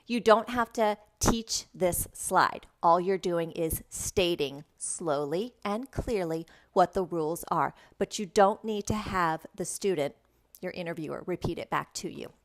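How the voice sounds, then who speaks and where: A woman who teaches English online, explaining how to present lesson slides and modeling words slowly and clearly for young learners. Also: on the low side. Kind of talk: instructional talk with classroom demonstrations.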